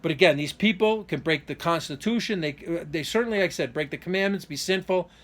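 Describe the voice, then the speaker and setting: Fairly high in pitch, quick and fairly bright, the man's voice carries a vlogger's personal update spoken straight to camera. It's unscripted and rambling, with frequent restarts. His aggrieved, indignant tone speeds up in bursts on the points he cares most about.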